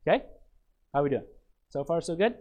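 A man's voice: fairly high pitch, expressive, brisk, dull audio. A man, a pastor teaching from a sermon outline, often checking in with his listeners and repeating phrases. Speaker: pastor teaching a Bible lesson.

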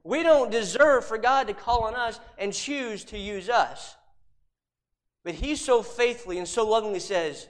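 A man preaching a sermon, emphatic, repeating rhetorical questions and dropping suddenly to a hush. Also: high voice, measured pace.

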